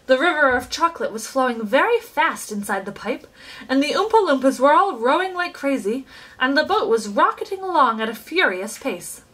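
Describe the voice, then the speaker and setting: A woman reading a children's book aloud with expressive, animated storytelling. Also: high voice, normal speed, poor audio. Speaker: reader.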